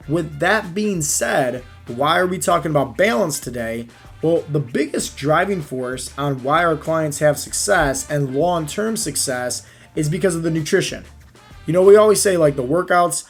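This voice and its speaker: A man speaking as a fat-loss coach in a casual motivational talk, energetic and storytelling, often checking in with the listener. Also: on the high side, breathy edge.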